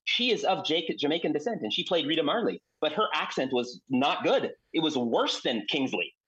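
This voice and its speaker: A man speaking as a guest on a radio panel discussion, animated and with many fillers. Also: fairly high pitch, normal speed, husky, muffled recording.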